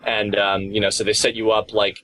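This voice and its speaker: A man's voice: fairly low pitch, little pitch movement, brisk, sharp tone, a little hiss or hum, rough recording. A man, a guest voice actor, chatting casually in an interview and telling long, rambling stories that he keeps interrupting himself in. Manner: rambling, self-interrupting storyteller.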